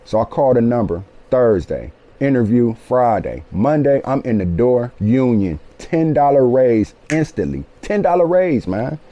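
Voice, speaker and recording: A man in his late forties telling a personal story in an animated, profane way, often checking in with his listeners. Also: mid-range voice, measured pace, few pauses, lo-fi sound. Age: 40s. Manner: animated, profane, keeps asking "you feel me". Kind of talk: casual storytelling.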